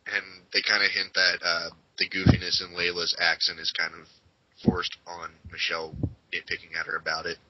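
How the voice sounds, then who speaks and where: A man with a low, husky voice co-hosts a casual wrestling podcast chat. He talks with enthusiasm, swears freely and throws himself into bits. The recording is dull and lo-fi. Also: completely flat delivery, a little fast, no room sound. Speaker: podcast co-host.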